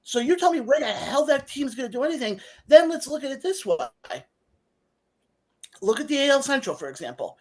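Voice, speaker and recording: Brief: woman sports podcaster, sarcastic and emphatic, bright lively voice. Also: high voice, brisk. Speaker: podcast co-host. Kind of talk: casual sports talk.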